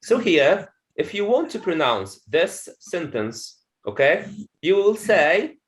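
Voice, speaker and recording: A man teaching English pronunciation in an online class, repeating words and phrases slowly for his students. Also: high-pitched, very animated, low-quality recording. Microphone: video call.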